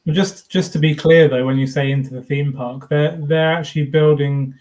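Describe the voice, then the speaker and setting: Male co-host, a touch higher voice, relaxed explainer with casual swearing. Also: moderate pace. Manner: explanatory, informal, mild swearing. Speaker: co-host of a theme park fan channel. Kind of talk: casual live-stream chat.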